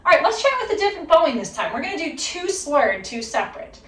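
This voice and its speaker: Her voice sits high with big pitch swings and a quick pace, and loud music plays behind it. She's a fiddle teacher in her thirties giving an upbeat, encouraging video lesson, counting the student in before playing. The recording sounds roomy and distant, with her violin heard between phrases.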